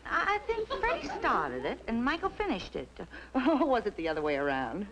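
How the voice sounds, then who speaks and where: An actress playing a brisk, good-humored middle-aged mother in a 1950s TV sitcom. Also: on the high side, wildly swooping pitch, background noise.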